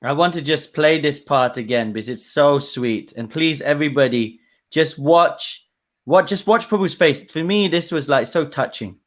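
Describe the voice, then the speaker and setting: A man's voice: fairly high pitch, normal speed. A man hosting an interview, enthusiastic and gushing as he asks questions. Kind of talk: casual interview.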